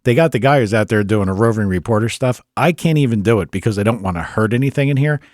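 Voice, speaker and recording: Excitable man co-hosting in a dry studio. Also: lowish voice, fast talker, no room sound. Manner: excitable, jumps into loud mock impressions. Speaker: podcast co-host. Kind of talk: casual studio chat.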